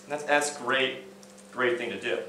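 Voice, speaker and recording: A man's voice: medium pitch, moderate pace, pushed and bright, slight background noise. A young man, a student, giving a casual, story-driven talk on stage with many fillers and restarts. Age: young adult. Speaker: student speaker. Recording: echoey hall, mic at a distance.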